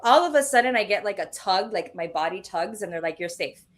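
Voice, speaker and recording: Animated woman telling a spooky story. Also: medium pitch, fairly quick. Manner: animated storytelling with casual swearing. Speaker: guest medium. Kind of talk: casual storytelling interview.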